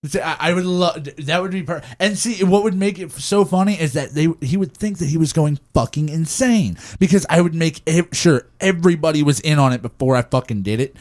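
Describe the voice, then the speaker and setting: A man's voice: fairly high pitch, brisk, hardly any pauses, a little mellow. A young man co-hosting a podcast, rambling in casual chat, swearing freely and laughing often. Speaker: podcast co-host.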